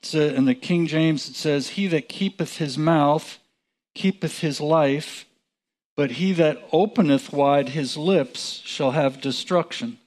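Man, Bible teacher; unhurried, chatty delivery, raised pitch. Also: darkish tone. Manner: slow, chuckling, conversational with restarts. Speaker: preacher.

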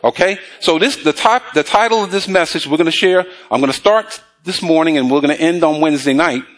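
A male preacher giving a sermon, quizzing the congregation with call-and-response questions and reading scripture slowly. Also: on the high side, a bit bright.

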